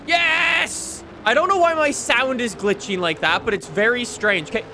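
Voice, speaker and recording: A man giving excitable gameplay commentary as a YouTuber, reacting and talking to himself. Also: very high-pitched, moderate pace, few pauses, a little hiss or hum. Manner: excitable, laughs a lot, talks to himself. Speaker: gaming YouTuber.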